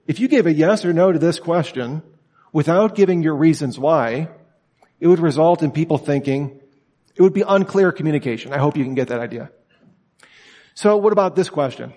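A man's voice: a little high, brisk, dark tone, big-room sound. A man teaching at a summer institute, lecturing students in an emphatic way and asking many rhetorical questions.

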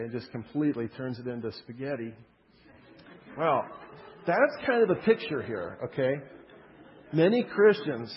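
Casual preaching man in a reverberant hall. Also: mid-range voice. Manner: casual, energetic preaching with frequent "okay?" check-ins. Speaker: pastor. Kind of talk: sermon. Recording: dull sound with long hall reverb.

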